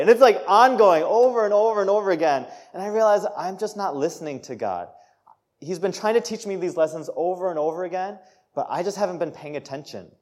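Animated storytelling male preacher. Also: a little high. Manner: animated storytelling, acts out quotes, laughs between lines. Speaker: pastor. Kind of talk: sermon with personal story.

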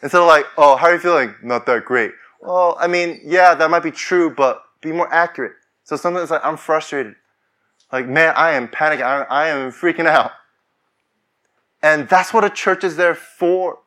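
A man's voice: fairly high pitch, a little fast, bright, forceful tone. A man preaching a sermon as pastor, talking conversationally and rising to fervent declarations.

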